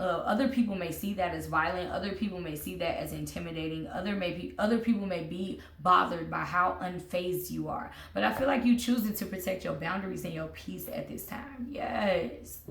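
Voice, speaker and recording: A woman's voice: lowish voice, gravelly, fairly bright tone, echoey room. A woman giving a sassy, sarcastic tarot reading, swearing and laughing as she talks. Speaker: tarot reader.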